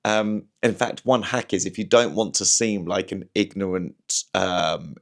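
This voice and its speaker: A man's voice: low voice, steady tone, unhurried, vocal fry. A young man with a Berkshire accent from southern England, chatting casually in a rambling, self-deprecating way as a comedian hosting his show. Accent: southern English, Berkshire. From Slough, England. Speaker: comedian host. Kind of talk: casual storytelling chat.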